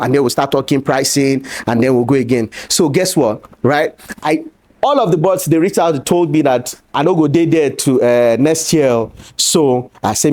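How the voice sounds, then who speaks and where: A man speaking on stage at an event, telling lively stories with pidgin asides. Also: mid-range voice, normal speed. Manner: animated, acts out quoted voices with pidgin asides. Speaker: conference speaker. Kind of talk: storytelling talk on stage. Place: event stage before an audience.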